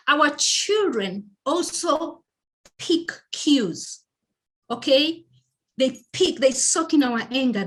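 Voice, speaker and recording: A woman's voice: high voice, fairly bright tone. A woman with a Kenyan accent giving a motivational parenting presentation, speaking emphatically, repeating key phrases and checking in with her listeners.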